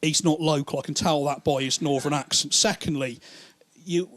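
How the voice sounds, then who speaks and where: Animated, crude man telling stand-up stories. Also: fairly high pitch, normal speed. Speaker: stand-up comedian. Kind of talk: stand-up storytelling.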